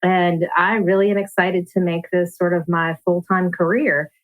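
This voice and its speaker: A woman's voice: on the low side, steady tone, normal speed, low-quality recording. A woman who works as a life coach, talking openly and earnestly as a podcast guest. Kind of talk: casual interview chat.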